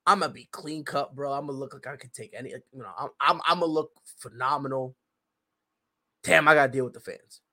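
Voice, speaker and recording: A man's voice: quick pace, sharp tone. A man putting on a scheming male wrestler. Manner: casual slangy inner monologue, lower voice. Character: adult male pro wrestler musing about leaving.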